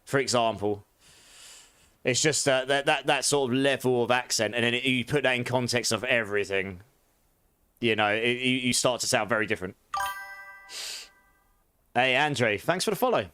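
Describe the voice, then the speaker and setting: Speaking at a moderate pace with frequent pauses, this man's smooth, medium-pitched voice carries a London and Essex accent touched with posh. He's from England and chats casually on a live game stream, reading and answering chat and laughing often. There's no room sound.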